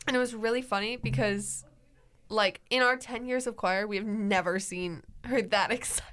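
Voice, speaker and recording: A woman's voice: medium pitch, steady tone, moderate pace, a bit bright. A teenage girl co-hosting a casual podcast, telling stories with lots of giggles. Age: late teens. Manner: giggly storyteller. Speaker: podcast co-host. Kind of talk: casual chat.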